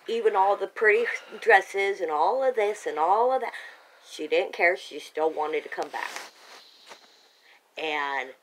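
A woman's voice: lowish voice, fairly bright tone, slight background noise, low-quality recording. Agitated woman rambling to a home camera. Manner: agitated, insistent, full of restarts. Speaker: parent telling her own account. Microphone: home camera held by a family member.

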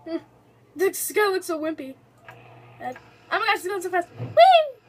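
A young woman giving excitable, giggly let's-play commentary on a game, chatting to her viewers as she plays. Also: very high-pitched, normal speed, slight background noise. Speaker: gaming video host.

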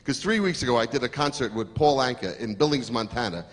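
A man's voice: mid-range voice, fast. An older man doing a crude, brash insult-comedy stand-up set on stage. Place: stage at a live venue. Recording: live stage audio with audience noise. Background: audience laughter.

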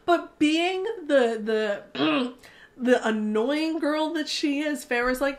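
A young woman chats about a book she is reading and acts out her own frustration with the characters. Her voice is high, and she talks in a lively, exasperated way. Her delivery is casual and dramatic, like a review for her viewers. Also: takes it slowly. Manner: animated, exasperated, dramatic retelling. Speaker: book vlogger.

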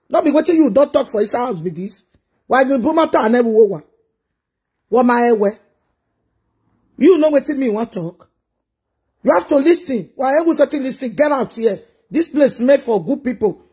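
A woman's voice: on the high side, expressive, fairly quick, mellow, husky. A woman with a Nigerian accent ranting bluntly in a casual vlog, scolding commenters in heavy pidgin.

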